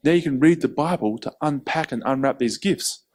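A man preaching a sermon in an animated way, acting out quoted voices. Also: a little high, fairly quick. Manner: animated, acts out quotes, laughs between points.

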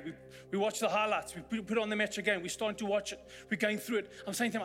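A man pastor preaches with a high, animated voice, telling stories that climb to exclamations. His sermon rings through a church hall with a long reverb tail. Soft music sits faintly beneath him. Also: quick pace. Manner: animated storyteller, building to exclamations. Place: church hall during a service.

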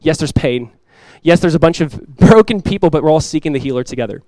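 A man in his thirties, a pastor preaching a sermon in an earnest, animated way. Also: fairly high pitch, fast, no echo, poor audio.

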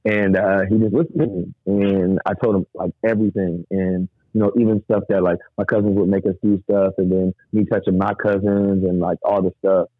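A man recounts a painful chapter of his life in loose, rambling sentences, slipping into the voices of the people he quotes. His voice sits a little low. The sound is thin and dry, as if heard over a phone line. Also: level tone, brisk, hardly any pauses, dry recording. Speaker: guest. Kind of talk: emotional personal storytelling.

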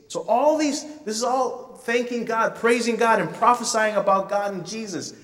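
A man preaching a sermon, telling a story in an animated way with playful asides. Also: high voice, moderate pace, hardly any pauses, recorded from a distance. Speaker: pastor. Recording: reverberant hall from off-mic.

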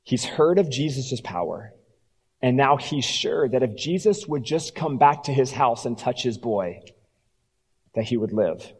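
A pastor preaching a sermon, telling the story and dropping low and quiet for emphasis. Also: male voice, lively intonation, measured pace, husky, in a large hall.

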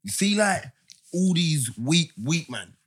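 A man, co-hosting a casual chat podcast, animated and full of street slang with loud bursts. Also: a little high, takes it slowly.

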